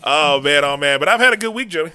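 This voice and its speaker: A man's voice: a little high, animated, quick pace, bright, forceful tone. A man in his thirties hosting a comedy podcast in casual, playful banter, laughing often and repeating words as he gathers his thoughts. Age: 30s. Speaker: podcast host. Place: podcast studio.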